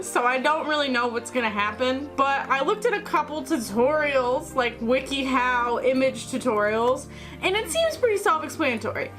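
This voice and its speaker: High-voiced chatty woman crafting vlogger. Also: a bit bright. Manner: chatty and self-mocking. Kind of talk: casual crafting vlog.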